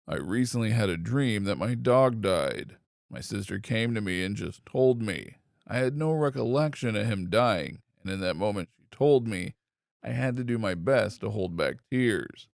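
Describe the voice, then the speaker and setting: A man reading online posts aloud in steady, scripted narration. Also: on the low side, normal speed, creaky, dry recording, clean studio sound. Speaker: story reader.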